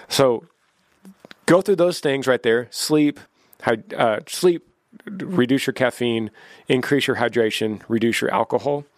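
A man's voice: mid-range voice, no echo. A middle-aged man, a singer, casually giving practical voice care tips on a podcast, close to the mic. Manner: easygoing, practical, demonstrates voice techniques. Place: podcast studio.

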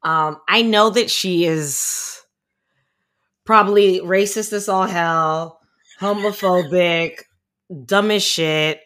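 A woman's voice: on the low side, slow pace, a bit bright. A woman from Miami, guest on a podcast, talking bluntly and candidly with lots of "like" fillers. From Miami, United States. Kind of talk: casual chat.

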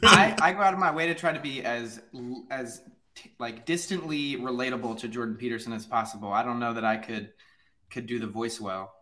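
A man's voice: mid-range voice, a little fast, sharp tone. A man on a panel over a video call, chatting in a wry, conversational way. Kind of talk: casual panel chat.

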